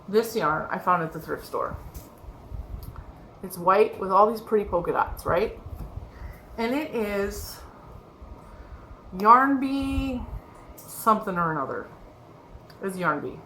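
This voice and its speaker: A woman's voice: medium pitch, bright, forceful tone. Chatty woman showing off her crochet. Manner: chatty, rambling, laughs often. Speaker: crochet vlogger. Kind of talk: casual show-and-tell chat. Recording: echoey room with faint background noise.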